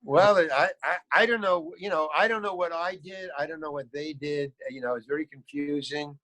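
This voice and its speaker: Male guest spinning an anecdote, lively and acting out each voice, a touch high-pitched. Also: moderate pace. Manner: animated, acts out quoted lines, repeats words. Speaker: guest actor. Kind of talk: storytelling anecdote.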